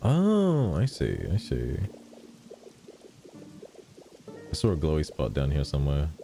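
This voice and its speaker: A young man giving casual gameplay commentary as a streamer, chatty and swearing freely with quick exclamations. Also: extremely low pitch, huge pitch swings, warm tone, faint music behind. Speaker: vtuber streamer.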